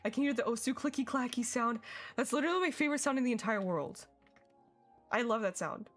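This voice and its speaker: A woman's voice: on the high side, brisk. A young woman chatting casually and giggling while streaming a game. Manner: chatty, giggly, reacting to chat. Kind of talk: casual gaming stream chat. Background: faint music.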